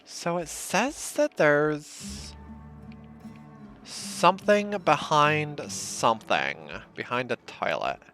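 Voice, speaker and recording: A man's voice: on the high side, very animated, slow, pushed and bright, soft background music. A man hosting a let's play, giving laid-back, casual commentary and muttering to himself as he plays.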